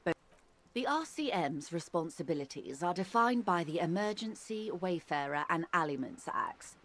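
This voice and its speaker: A woman voicing a worldly, wry older woman in a video game, arch and measured, explaining things with dry irony. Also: fairly low pitch, expressive, fairly bright tone. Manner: arch, measured, dryly ironic.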